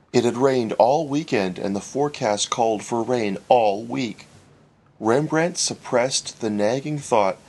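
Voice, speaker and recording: Gravelly man narrating a story. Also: medium pitch. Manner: wry, expressive reading.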